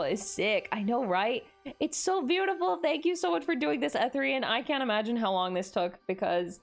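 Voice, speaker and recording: Woman streamer, casual chat, excitable and gushing, lively swooping voice, faint music behind. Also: fairly high pitch. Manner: gushing and excitable, frequent gasps.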